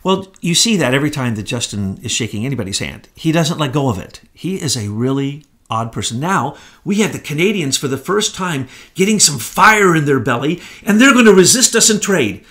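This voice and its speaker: A man with a fairly high-pitched voice talks in an emphatic, scornful way. He co-hosts a political commentary chat. His speech is pointed and insistent. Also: sing-song, a little fast, hardly any pauses, fairly bright tone. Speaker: co-host.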